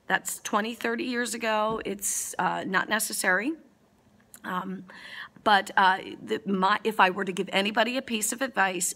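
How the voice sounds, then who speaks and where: A woman in her forties with a bright, forceful voice gives parenting advice straight to camera. Her delivery is blunt and joking, with a no-nonsense edge. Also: medium pitch. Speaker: parenting advice giver, mother of four. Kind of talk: casual answers to viewer questions.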